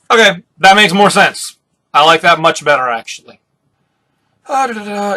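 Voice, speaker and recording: Excitable man reacting live, bright voice. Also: on the high side, a little fast. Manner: excitable, swears freely, summarizes aloud. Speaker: vlogger reacting to a comic.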